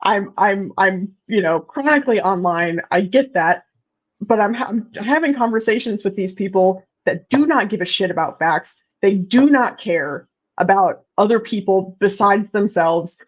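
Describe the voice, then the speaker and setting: A woman's voice: mid-range voice, normal speed. Woman, host, casual chat, candid, swearing, many restarts, muffled lo-fi audio. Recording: dull lo-fi sound.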